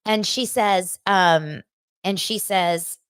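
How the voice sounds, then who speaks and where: A woman hosting a podcast, chatting in a gossipy, animated way as she recaps a reality show. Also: mid-range voice, takes it slowly, clear, resonant tone, no room sound, studio quality. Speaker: podcast host.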